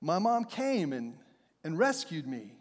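Man, pastor, high voice, animated sermon, storytelling, long hall reverb. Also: a little slow. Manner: storytelling, animated, acts out shouts and quotes. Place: church sanctuary.

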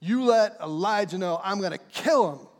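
A man's voice: high-pitched, expressive, normal speed, in a large hall. A man preaching voices a threatening, vengeful queen bullying her enemy. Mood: menacing. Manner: menacing.

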